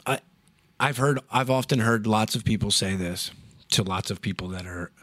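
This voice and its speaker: Host type: husky, bright-toned guy, swears constantly, giggles at his own stories. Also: lowish voice, moderate pace. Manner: fillers like "dude" and "right?". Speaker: podcast host telling stories. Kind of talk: casual profane storytelling.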